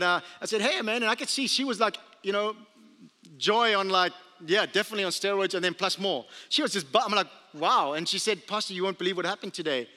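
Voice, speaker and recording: A man pastor preaching a sermon, telling stories and acting out the quotes with animation. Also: sits high. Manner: storytelling, animated with acted-out quotes. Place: church sanctuary. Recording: long reverb of a large hall.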